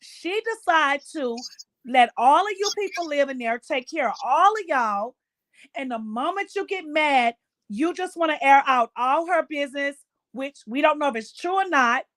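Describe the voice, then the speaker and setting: A woman with a notably high voice holds a casual late-night commentary, emphatic and indignant as she circles back over her points. She speaks in a loose way. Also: lively intonation, moderate pace, fairly bright tone. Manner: indignant, emphatic, repeats herself. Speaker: livestream host.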